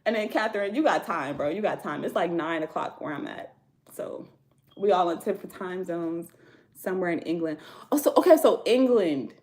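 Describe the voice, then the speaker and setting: A woman's voice: fairly low pitch, lively intonation, moderate pace, a little mellow. An American woman hosting a casual tarot livestream from home, chatting with viewers in loose slangy talk and laughing often. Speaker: tarot reader livestream host.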